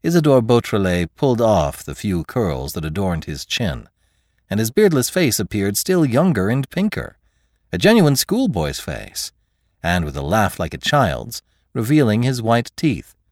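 Male audiobook narrator, low voice with lively inflection; measured, expressive reading. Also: no room sound, studio quality. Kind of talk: scripted narration of a classic novel.

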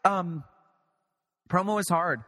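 A man's voice: high-pitched, slow. Guy spinning wild showbiz-style stories over a video call, lots of swearing, sound has a long echoey tail. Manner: animated anecdote-telling, swearing, acting out quoted voices. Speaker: playwright and director, guest. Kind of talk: casual storytelling interview.

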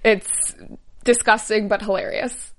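A woman's voice: medium pitch, fairly even intonation, measured pace. A woman interviewing a guest in a casual, friendly way, asking light questions.

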